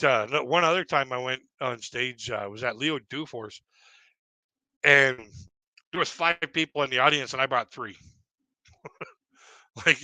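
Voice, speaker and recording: Canadian guy rambling thru comedy stories, really bright voice, dry close sound. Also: medium pitch, no echo. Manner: rambling, self-deprecating, laughs at his own jokes. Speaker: stand-up comedian. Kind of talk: stand-up storytelling on a live stream.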